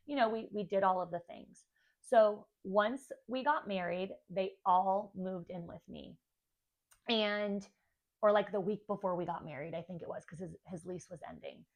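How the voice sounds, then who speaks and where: Young woman, candid storyteller, chatty, mid-pitched voice. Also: normal speed, highs cut off. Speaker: stepmom vlogger. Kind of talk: personal storytelling to camera.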